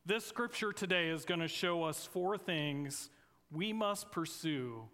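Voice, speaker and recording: An earnest man preaching a sermon in a church sanctuary, his voice pitched somewhat high for a man. He speaks in measured phrases with pauses between them. A long reverb from the big room trails after every line. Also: expressive, bright, forceful tone. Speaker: guest preacher. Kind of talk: sermon with opening prayer. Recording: long reverb of a large hall.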